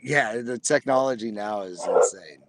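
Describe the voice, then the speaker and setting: A man's voice: on the low side, moderate pace, very noisy. A man, a military veteran and podcast guest, talking casually in an earnest, encouraging way. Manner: earnest and encouraging, restarts often. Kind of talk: casual interview chat.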